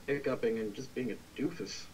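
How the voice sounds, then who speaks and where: A man acting as game master on a relaxed livestream, chatting casually, thinking aloud and reading out chat messages. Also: medium pitch, normal speed, a little hiss or hum, poor audio.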